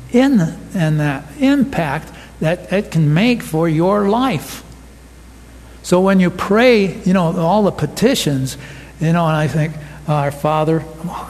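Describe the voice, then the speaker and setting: High-voiced guy preaching slow in a church, lots of pauses, echoey hall. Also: a little mellow. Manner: unhurried, with many pauses and restarts. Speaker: pastor. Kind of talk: sermon.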